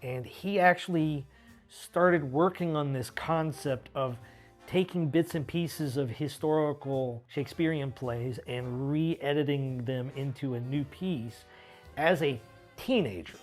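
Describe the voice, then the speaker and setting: A man's voice: on the high side, a little slow, faint music behind. A man being interviewed as a guest, explaining his views in a thoughtful way. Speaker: guest, comic book author. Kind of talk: casual interview chat.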